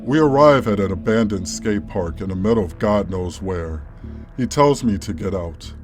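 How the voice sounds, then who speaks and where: A man calmly reading a first-person story as a scripted narration. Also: lowish voice, normal speed. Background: faint background music.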